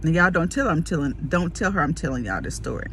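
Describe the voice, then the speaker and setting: A woman telling a casual story to camera, lively and laughing, acting out the people in it. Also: sits low, quick pace, slight background noise. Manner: animated, acts out quoted voices, laughs often.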